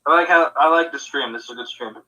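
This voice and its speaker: A man chats casually on a podcast, rambling from one thought to the next and laughing often. His voice sits a bit high and rings very bright. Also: quick pace, lo-fi sound. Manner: rambling, chatty, laughs easily. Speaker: podcast co-host. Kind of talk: casual chat.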